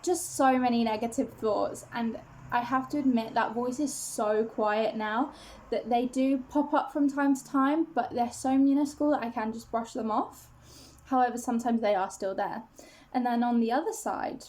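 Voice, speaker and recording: A young woman with a fairly high voice chats openly to her camera at home. She rambles and restarts her sentences, filling the gaps with little hesitations. She sounds self-conscious but keeps talking. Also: moderate pace, darkish tone, slight background noise. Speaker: vlogger. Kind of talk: casual confessional chat to camera.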